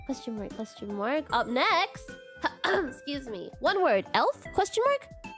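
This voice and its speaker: A woman's voice: sits high, very animated, slow, a bit bright, faint music behind. A young woman streaming a casual question-and-answer chat, who giggles often and keeps saying "question mark" as a filler. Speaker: VTuber streamer.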